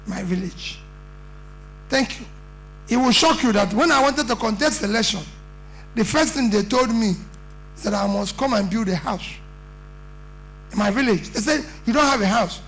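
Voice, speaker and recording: A man's voice: extremely high pitch, a bit bright, a little hiss or hum, rough recording. A middle-aged Nigerian man with a Nigerian accent giving an earnest, plain-spoken conference speech. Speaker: political speaker.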